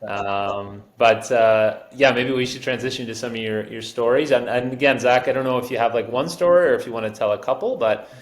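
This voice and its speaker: A male podcast host talking in a hesitant, halting way, full of ums and restarts. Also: mid-range voice. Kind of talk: casual chat. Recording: roomy echo.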